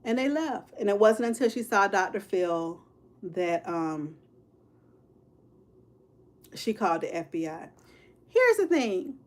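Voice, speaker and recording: A woman's voice: mid-range voice, sing-song, slow pace, long pauses. A woman in her fifties hosting a casual true-crime livestream, speaking straight to her viewers with "y'all", "child" and "honey" and answering their comments as she goes. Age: 50s. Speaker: livestream host.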